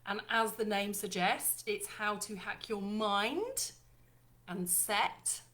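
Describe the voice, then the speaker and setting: A woman's voice: medium pitch, expressive, slow pace, a bit bright. A woman hosting a casual live stream, chatty and bubbly, talking straight to her viewers. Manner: chatty, bubbly, apologetic, addresses viewers as lovely ladies. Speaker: live-stream host launching her ebook.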